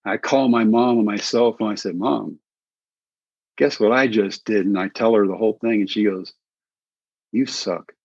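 A man being interviewed, a former baseball coach and pitcher, telling folksy anecdotes and acting out other people's voices. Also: steady tone, brisk, few pauses, a little mellow, breathy edge, no room sound. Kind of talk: animated storytelling in an interview. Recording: dull, dry recording.

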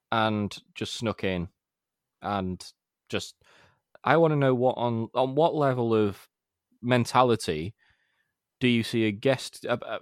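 A man's voice: mid-range voice, no room sound, clean studio sound. A man co-hosting a podcast, chatting casually and rambling with jokes. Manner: rambling, quick, jokey. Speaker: podcast co-host. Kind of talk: casual chat.

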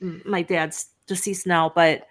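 A woman's voice: on the low side, flat delivery, measured pace. Chatty, laughing woman telling stories. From Wisconsin. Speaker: guest author. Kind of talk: casual interview chat.

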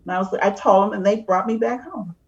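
A woman's voice: mid-range voice, fast talker, lo-fi sound. A middle-aged woman in a group discussion, candidly telling a personal story and acting out the voices of the people in it. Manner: candid, animated, acts out voices in her stories. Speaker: discussion participant.

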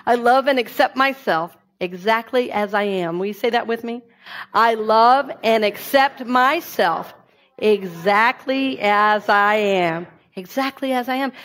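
Woman, sermon, fairly high voice, conversational preaching. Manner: warm, conversational preaching with affirmations. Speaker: minister.

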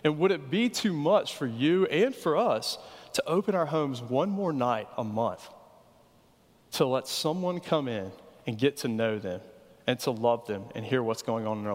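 A man's voice: medium pitch, long reverb tail. A man preaching a sermon as pastor, earnest and pleading, asking the congregation rhetorical questions.

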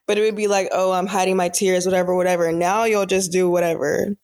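A woman's voice: fairly low pitch, fast talker. A woman co-hosting a podcast with her father, chatting casually and filling her talk with "like" and "whatever". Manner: casual, relaxed, with many "like"s and "whatever"s. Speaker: podcast co-host, daughter of the other host.

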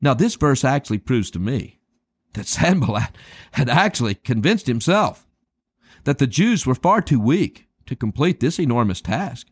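A man preaching a sermon, emphatic and dramatic, slowing down to stress key words and calling his listeners beloved. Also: mid-range voice, sing-song, slightly rough, no room sound, clean studio sound. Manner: addresses listeners as beloved and friends.

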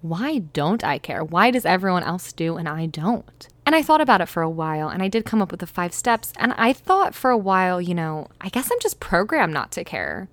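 A woman's voice: on the low side, big pitch swings, normal speed, hardly any pauses, no room sound. A young American woman hosting her podcast, telling a story in a chatty, giggly way with playful asides. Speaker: podcast host. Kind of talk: casual storytelling monologue.

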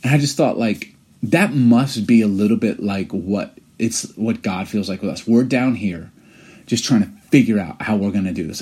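A man's voice: on the low side, moderate pace, mellow, husky. A man in his forties co-hosting a podcast, telling stories in an earnest, reflective way. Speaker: podcast co-host. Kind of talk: casual chat.

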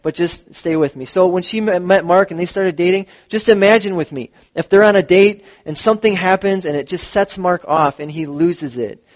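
A man, a pastor, preaching a sermon in a church, with animated storytelling and acted-out quotes. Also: high voice, moderate pace, hardly any pauses.

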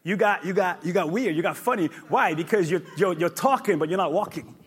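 A male pastor preaching a sermon, emphatic and repetitive, with sudden loud peaks. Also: sits high, brisk, noisy background.

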